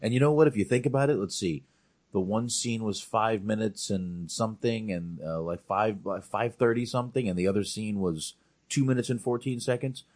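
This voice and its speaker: A man's voice: on the low side, normal speed, darkish tone. A man co-hosting a podcast, talking bluntly and enthusiastically about movies with frequent swearing. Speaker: podcast co-host. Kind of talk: casual chat about movies.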